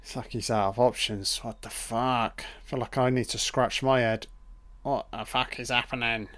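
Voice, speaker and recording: A man's voice: mid-range voice, fairly even intonation, normal speed, a bit bright, no echo. Profane, easily surprised male film commentator. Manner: swears a lot, exclaims in surprise. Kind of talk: casual reaction commentary.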